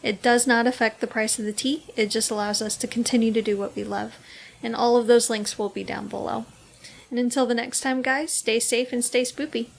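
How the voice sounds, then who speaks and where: A woman's voice: a little high, fairly even intonation, brisk, gravelly. A woman co-hosting a podcast, chatting casually about films and reading the sign-off. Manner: chatty, laughs easily. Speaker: podcast co-host. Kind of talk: casual movie review chat.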